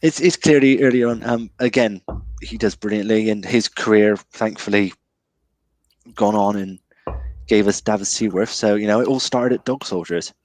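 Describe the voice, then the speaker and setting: A man's voice: lowish voice, normal speed, a little mellow, no echo. A man talking about a film as a guest in a casual chat, hesitant and full of restarts. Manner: hesitant, restarts with many ums.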